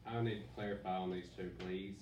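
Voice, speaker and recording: Lower-voiced council member, far and echoey. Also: male voice, steady tone, brisk, darkish tone. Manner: pressing, asks for clarification. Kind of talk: questions at a public meeting. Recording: echoey room, distant mic, faint noise.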